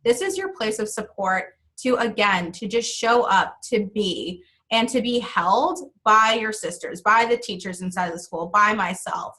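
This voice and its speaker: A woman's voice: medium pitch, sharp tone. A woman hosting a live-streamed closing talk for her online school, speaking in a heartfelt, casual way, swearing now and then and reading viewer comments aloud. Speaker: founder and host of an online school.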